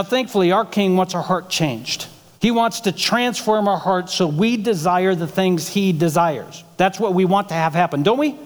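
In a church sanctuary, a male pastor preaches conversationally, engaging the room with rhetorical questions. His voice sits high for a man, and a long reverb trails after his words.

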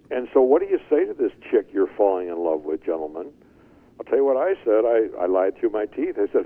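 An older man telling his life story as an interview guest, animated and chuckling as he goes. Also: on the low side, a little fast, gravelly. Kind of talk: storytelling testimony. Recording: tinny phone-like line.

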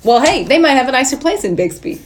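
Woman on a movie podcast, somewhat high voice, just talking through the plot. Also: sing-song, fast talker, a crowd in the background. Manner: chatty storytelling, puts on voices when quoting. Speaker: podcast co-host recapping a film. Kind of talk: casual chat, plot recap.

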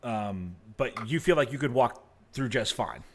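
A man with a mid-range voice, going a little slow, runs a tabletop game as its narrator. Easygoing but unsure, he peppers his lines with fillers.

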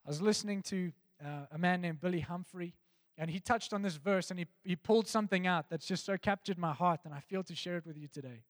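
Earnest high-voiced male preacher. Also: no room sound, long reverb tail. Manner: earnest, pausing, drops soft and low on key phrases. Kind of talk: devotional sermon with scripture reading.

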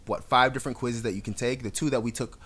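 A young adult man co-hosting a podcast, chatting casually with an animated, sassy storytelling style and frequent laughs. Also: medium pitch, fast, husky. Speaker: podcast co-host. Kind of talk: casual chat.

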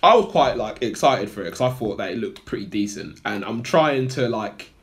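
A man's voice: lowish voice, expressive, normal speed. A man co-hosting a casual film review podcast, rambling through his opinions with lots of fillers. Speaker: podcast co-host.

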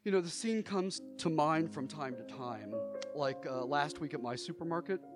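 A middle-aged man telling a story from his own childhood, his voice sitting a little high for a man. He performs it with theatrical energy, rising loud and laughing through the funny parts, then dropping soft and low. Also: animated, moderate pace, over music. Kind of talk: live personal storytelling.

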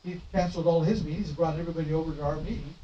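A man's voice: on the high side, racing. A middle-aged man, a traveling minister, telling stories in a sermon and acting out the dialogue. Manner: animated storytelling, acting out dialogue. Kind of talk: sermon storytelling. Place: church sanctuary. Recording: roomy, distant, muffled with noise.

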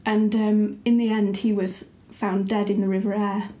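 A woman's voice: medium pitch, little pitch movement, normal speed, mellow, echoey room. A woman, a writer and editor, chatting casually and thoughtfully with frequent ums. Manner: thoughtful, a little hesitant with many ums. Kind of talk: casual conversation.

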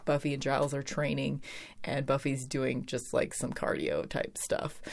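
Low-voiced woman chatting casually. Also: little pitch movement, moderate pace, gravelly, a little mellow. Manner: chatty and rambling, with many fillers and cursing asides. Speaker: TV episode reviewer. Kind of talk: casual chat.

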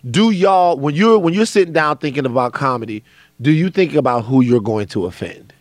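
A man's voice: fairly high pitch, expressive, brisk, no echo. A man hosting a podcast, chatting casually, telling a story and giving short affirmations. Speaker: podcast host. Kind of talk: casual interview talk.

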